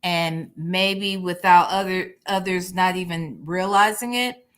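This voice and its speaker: A woman hosting a reaction show, giving measured and reflective commentary with some hesitations. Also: lowish voice, a bit bright. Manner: measured, thoughtful, halting.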